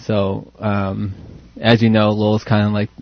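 A man guesting on a casual podcast, talking hesitantly with many pauses and fillers. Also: on the low side, completely flat delivery, dry recording. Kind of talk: casual interview chat. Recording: dull lo-fi sound, dry.

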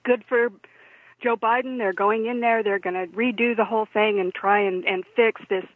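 A woman co-host giving animated, incredulous political commentary, often laughing as she talks. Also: mid-range voice, moderate pace, no echo. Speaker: talk show co-host. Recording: tinny phone line.

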